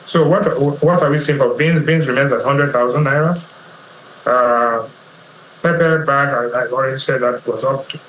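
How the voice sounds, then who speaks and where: Middle-aged nigerian guy on a tv business show, steady explainer voice, bit roomy and dull sound. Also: medium pitch, a little hiss or hum. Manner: measured, explanatory, lists figures. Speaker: economist guest. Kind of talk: economic analysis interview. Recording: roomy, slightly dull TV audio.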